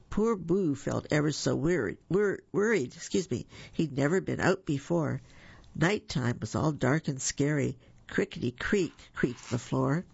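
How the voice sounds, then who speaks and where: A woman reads a children's story aloud on a radio reading service, slow and gentle. Her voice is husky with a gravelly edge. The studio recording is dry and somewhat dull. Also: low voice, animated, no echo. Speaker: volunteer reader for a reading service.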